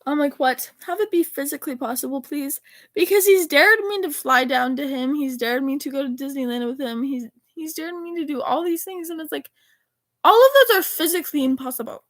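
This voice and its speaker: A high-voiced teenage girl chats casually to her phone, reading out a string of text messages in a rambling, animated way and swearing freely. The recording is close and dry, with no room sound. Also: fairly quick, no echo. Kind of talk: casual chat reading out texts.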